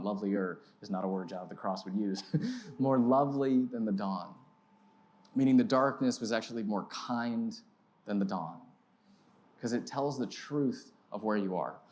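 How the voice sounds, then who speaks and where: A man's voice: fairly low pitch, moderate pace, a little mellow. A man in his thirties preaching as a pastor, telling a self-mocking story with big swings in his voice. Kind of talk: storytelling sermon. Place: church sanctuary.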